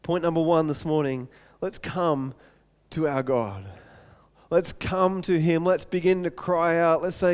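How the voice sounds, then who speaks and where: A man's voice: a little high, fairly even intonation, unhurried, clear, resonant tone, in a large hall. A pastor preaching a sermon, earnest and often repeating words as he goes.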